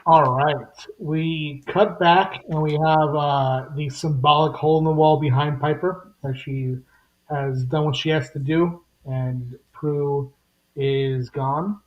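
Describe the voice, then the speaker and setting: A man's voice: on the high side, steady tone, slow pace. Man recapping a comic on a muffled mic. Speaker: podcast co-host. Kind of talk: casual chat, recapping a comic.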